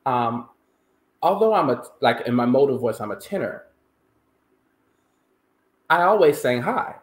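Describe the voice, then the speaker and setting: A man speaking in a middle-pitched voice, animated and emphatic as he tells his story in an interview. His voice rings in a roomy, echoey space. He talks like a singer looking back on his training. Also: unhurried. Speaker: countertenor singer, interview guest. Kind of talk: conversational interview. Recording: roomy echo.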